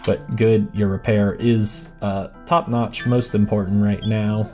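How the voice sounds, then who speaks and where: A man's voice: fairly low pitch, level tone, unhurried, dark tone, faint music behind. A man giving casual, rambling gameplay commentary as a let's play host, self-deprecating and chatting to the characters on screen.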